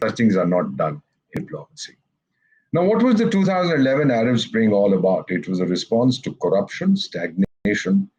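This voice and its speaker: Husky older man. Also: lowish voice, a little mellow, low-quality recording. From India. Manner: emphatic and sardonic, acts out quoted voices. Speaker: retired ambassador, interview guest. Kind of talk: candid, opinionated interview answers.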